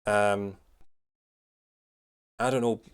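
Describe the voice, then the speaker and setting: A man's voice: fairly low pitch, fairly even intonation, drawn-out words, clean tone. A man live-streaming, chatting casually and rambling with many fillers as he answers his chat. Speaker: streamer reacting to news.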